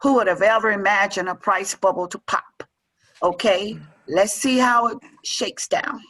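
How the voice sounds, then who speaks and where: A woman reading as a slow, mock-dramatic playwright. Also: mid-range voice, a bit bright, low-quality recording. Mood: plotting. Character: scheming woman playwright plotting a twist.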